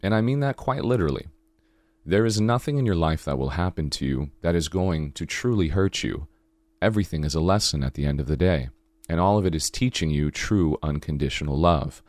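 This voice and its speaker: Super deep guy doing his spiritual podcast, low sultry morning voice, really dry close sound. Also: lively intonation, a little fast, darkish tone, no room sound. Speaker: podcast host.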